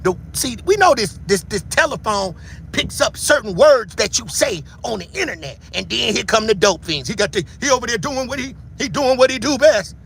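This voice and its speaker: A man giving heated livestream commentary who shouts, taunts his viewers and keeps repeating a catchphrase. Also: very high-pitched, animated, normal speed, vocal fry, a little hiss or hum.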